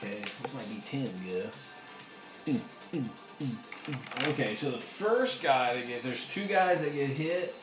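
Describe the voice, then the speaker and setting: A man running a tabletop wargame, casual and excitable, counting dice out loud. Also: medium pitch, measured pace, long pauses. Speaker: game master. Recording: echoey room with music behind.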